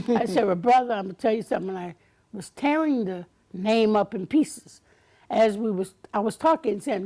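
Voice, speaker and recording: An older woman guest in an interview, telling stories in an animated way, acting out quotes and laughing often. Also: medium pitch, normal speed. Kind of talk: storytelling interview.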